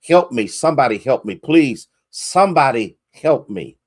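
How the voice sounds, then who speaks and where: A man voicing a desperate man hanging from a cliff, pleading for help, his voice climbing high as he tells a sermon story. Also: sing-song, moderate pace, breathy edge.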